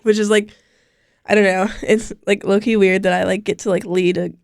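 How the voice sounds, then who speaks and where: A young woman chats casually on a podcast, her sentences loose and full of "like" fillers. Her voice sits at an ordinary middle pitch for a woman. The sound is dry and close, with no echo from the room. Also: level tone, moderate pace, vocal fry, a little mellow. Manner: chatty, with many "like" fillers. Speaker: co-host. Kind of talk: casual chat. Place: radio studio.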